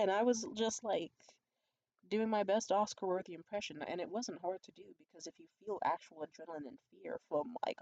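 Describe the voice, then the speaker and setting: A woman's voice: fairly even intonation, a little fast, no echo, highs cut off. A young adult woman vlogger telling a candid, profane story in a conspiratorial way. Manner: acts out quoted voices high and loud. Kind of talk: storytime vlog.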